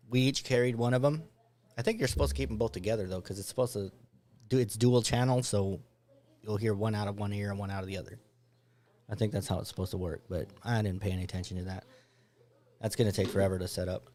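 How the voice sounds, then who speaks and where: A man's voice: on the low side, fairly even intonation, quick pace, darkish tone. A man co-hosting a casual talk show, laid-back and rambling, often laughing. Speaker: podcast co-host. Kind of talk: casual chat.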